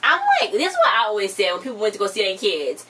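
A woman co-hosting a casual TV recap chat, retelling scenes in an animated way and voicing the characters' lines. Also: mid-range voice, quick pace. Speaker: co-host reviewing a TV episode. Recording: distant mic with faint background noise.

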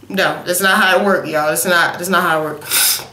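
A woman's voice: fairly low pitch, steady tone, normal speed, pushed and bright, roomy sound. A young woman in a casual, sassy makeup review, sniffly from a cold and calling her viewers honey and y'all. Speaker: beauty vlogger.

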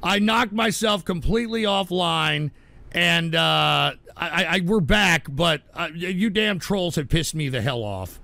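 A man hosts a live stream in a high, raspy-edged voice with a sharp, tense bite. He reads the chat and rants in a profane, irritable way, veering from low grumbles to loud outbursts. The sound is close and dry. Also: expressive, a little slow, no echo. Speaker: livestream host.

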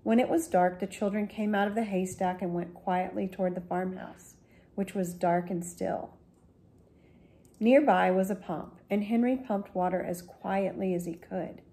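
Gentle, mellow woman reading a storybook. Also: mid-range voice, steady tone, moderate pace. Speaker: school librarian. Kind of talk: reading a children's book aloud.

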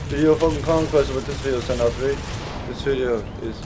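A young man doing live gameplay commentary, swinging from mumbling to profane, mock-dramatic yelling. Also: mid-range voice, steady tone, brisk, a little hiss or hum.

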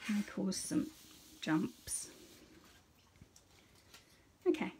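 A woman's voice: mid-range voice, expressive, drawn-out words, dark tone, slight background noise. A middle-aged woman hosting a casual live card-making demonstration. She chats with viewers by name and narrates each step aloud.

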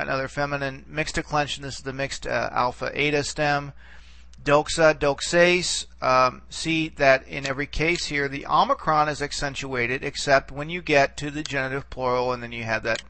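Man, teacher, gravelly, bright-toned, patient explanations, frequent okays. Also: mid-range voice, dry recording. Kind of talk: recorded lecture.

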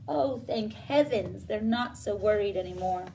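A woman librarian reading a children's story aloud, gentle and expressive. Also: medium pitch, measured pace, gravelly, recorded from a distance, a little hiss or hum, low-quality recording. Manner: gentle, expressive, sing-song.

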